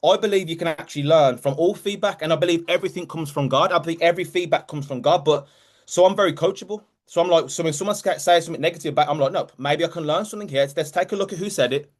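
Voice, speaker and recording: A man's voice: a little high, fast talker. A man hosting a group call as a motivational coach, talking directly and emphatically and repeating key phrases.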